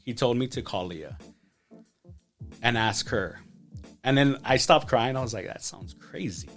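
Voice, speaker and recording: A man's voice: medium pitch, a little slow, fairly bright tone, soft background music. A man in his thirties, a podcast guest, telling his life story with feeling, with many restarts and "like". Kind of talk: personal testimony.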